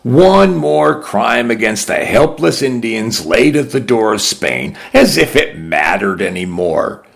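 Gravelly, expressive male audiobook narrator. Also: fairly low pitch, unhurried. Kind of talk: first-person audiobook narration.

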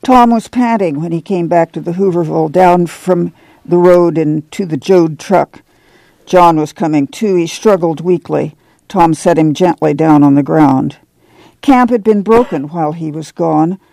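A man's voice: a little high, a little slow, vocal fry, warm tone, no echo. A man reading a novel aloud, with drawled folksy dialogue. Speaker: audiobook narrator. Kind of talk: scripted narration with acted dialogue.

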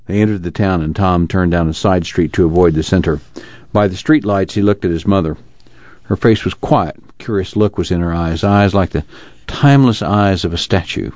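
A man narrating a novel aloud for a radio reading service, steady and measured. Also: low voice, no echo. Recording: dry, slightly muffled studio recording.

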